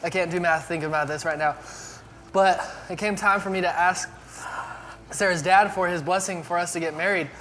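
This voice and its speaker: A pastor man with a notably high voice teases his partner in a loose, joking chat. A faint hiss of noise sits behind him in the recording. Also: steady tone, a little fast, fairly bright tone. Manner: teasing, then groaning and laughing through the heat. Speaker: youth pastor. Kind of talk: casual on-camera chat and food challenge.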